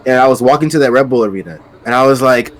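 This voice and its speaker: A man from Maryland hosting his stream, telling stories in a relaxed, animated way. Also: medium pitch, fast talker, heavy background noise. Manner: animated storyteller, laughs loudly. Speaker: streamer host. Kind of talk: casual chat.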